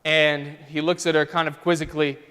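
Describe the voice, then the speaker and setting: Male pastor, storytelling sermon, loud and soft swings, slightly high voice, long sanctuary reverb. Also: flat delivery, a little fast, clean tone. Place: church sanctuary.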